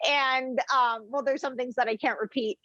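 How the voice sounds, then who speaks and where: A woman's voice: high voice, steady tone, normal speed, bright, forceful tone, dry recording, highs cut off. A woman, a chef and food journalist, chatting casually as a podcast guest and rambling through anecdotes with fillers and laughs.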